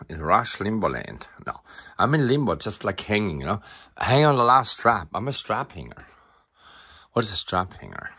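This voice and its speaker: A man's voice: fairly low pitch, fairly bright tone, breathy edge. A man, an artist musing aloud in a rambling, profane, self-interrupting monologue.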